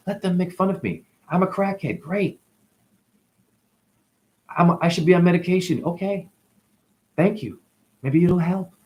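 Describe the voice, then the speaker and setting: Animated rambling man, lively pitch. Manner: animated, swearing, swings between loud and muttered. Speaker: vlogger. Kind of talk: rambling monologue to camera.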